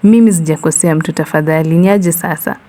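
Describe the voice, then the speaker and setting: A woman voicing a panicky young office man who blurts out rapid slangy outbursts. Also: lowish voice, darkish tone, close to an everyday voice. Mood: panicked.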